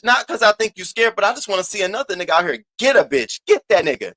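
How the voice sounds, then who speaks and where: Sassy, animated man doing gossip commentary. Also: no echo. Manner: animated and profane, swinging between loud outbursts and low asides; sassy, drawn-out emphasis. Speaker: host of a commentary channel.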